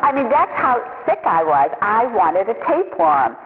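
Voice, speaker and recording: Woman sharing a halting recovery testimony. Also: medium pitch, sing-song, background noise. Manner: halting, repeats words, confessional. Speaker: recovery program member sharing her story. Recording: tinny phone-line sound with long echo.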